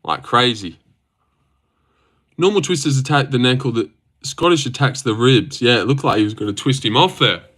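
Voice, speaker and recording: A young man hosting a casual livestream, reacting to fights in a loose, sweary, excitable way into a desk mic. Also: medium pitch, moderate pace. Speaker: livestream host.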